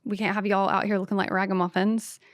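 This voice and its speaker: A woman's voice: medium pitch, level tone, fast talker, dry recording, clean studio sound. A woman from the American South with a light Southern accent, a stand-up comedian hosting her own podcast in a brash, sassy, self-mocking solo rant. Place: podcast studio.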